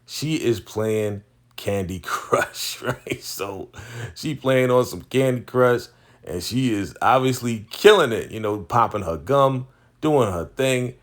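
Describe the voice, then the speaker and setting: A man casually recapping a TV episode, retelling scenes and acting out the characters' dialogue in slang-heavy speech. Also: medium pitch. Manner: animated, acts out dialogue in quick character voices. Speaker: TV recap vlogger.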